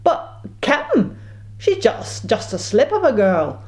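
A woman's voice: on the high side, big pitch swings, takes it slowly, a little mellow, pitched above the performer's own voice. A woman voicing a cringing, nervous male pirate first mate who stammers and pleads. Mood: pleading.

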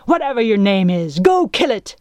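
A woman voicing a cruel, blustering pirate captain who shouts and growls his orders, in an audiobook reading. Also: mid-range voice, big pitch swings, normal speed, no echo, natural voice. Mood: furious.

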